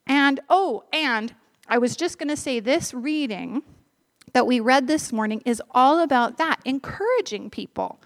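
High-voiced woman telling a church story. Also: expressive, unhurried. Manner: earnest, conversational storytelling that addresses the congregation directly. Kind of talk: storytelling sermon to a congregation of adults and children.

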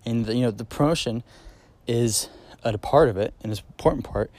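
A man's voice: mid-range voice, brisk, darkish tone, dry recording. Male podcast host, solo monologue; casual, filler-heavy, eager emphasis on key points. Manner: casual, rambling, many fillers and restarts.

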